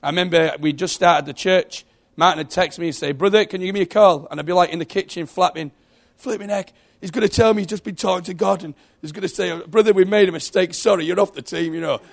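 A middle-aged man giving an emotional sermon testimony, telling stories and swinging from hushed to loud. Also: high voice, quick pace, vocal fry. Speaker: preacher.

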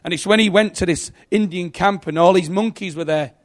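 A middle-aged man giving an emotional sermon testimony, telling stories and swinging from hushed to loud. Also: high voice, brisk. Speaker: preacher.

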